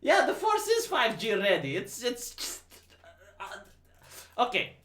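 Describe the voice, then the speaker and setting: A man from Romania rants about a movie on his livestream, incredulous and swearing freely. His bright voice swings widely in pitch. He sounds like he is in an echoing room. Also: slow, a little hiss or hum. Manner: incredulous, profane, animated. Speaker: livestream host. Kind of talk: casual movie rant. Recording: roomy echo.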